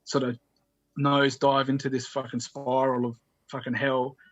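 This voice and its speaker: A man's voice: mid-range voice, flat delivery, moderate pace, highs cut off. A man telling a story as a podcast guest, rambling with frequent restarts and swearing. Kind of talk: casual storytelling.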